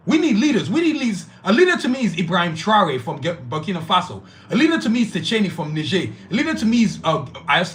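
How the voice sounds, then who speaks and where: A man's voice: high voice, a bit bright. A man hosting a podcast, delivering a fiery, profane monologue full of repeated lists. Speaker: podcast host.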